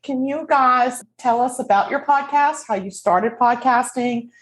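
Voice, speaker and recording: A woman's voice: high voice, measured pace, poor audio. A woman in her fifties co-hosting a casual chat, giggly and playful, laughing often. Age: 50s. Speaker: co-host.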